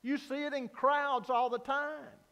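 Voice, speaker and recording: High-voiced slow preaching man. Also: flat delivery. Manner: earnest preaching, rising to loud emphasis then dropping low. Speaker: pastor. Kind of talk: sermon. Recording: long hall reverb.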